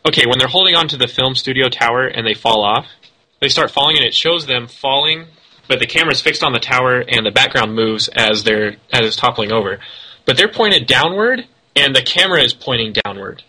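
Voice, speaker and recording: A man co-hosting a podcast, chatting casually and critiquing an animated film in an animated, rambling way with self-corrections. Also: medium pitch, fairly quick, slightly rough, poor audio. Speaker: podcast co-host. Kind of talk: casual film review chat.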